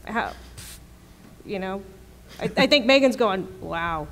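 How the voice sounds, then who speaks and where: A woman TV writer on a convention panel, chatty and quick to laugh as she tells stories. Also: mid-range voice, a little hiss or hum. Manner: chatty, laughs often mid-story. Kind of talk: panel discussion.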